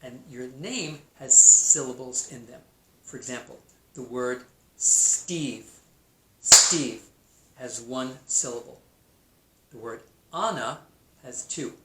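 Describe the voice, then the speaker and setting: A male teacher giving a recorded math lesson to young children, speaking slowly and sounding out names syllable by syllable. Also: medium pitch. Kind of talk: kindergarten math video lesson. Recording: echoey room, faint noise.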